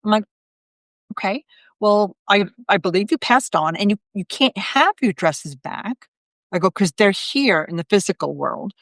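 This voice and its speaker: This middle-aged psychic medium has a medium-pitched, fairly bright voice with lively intonation and an unhurried pace. Hosting a live video, she tells a chatty story packed with fillers and quoted voices. The recording is dry and studio quality.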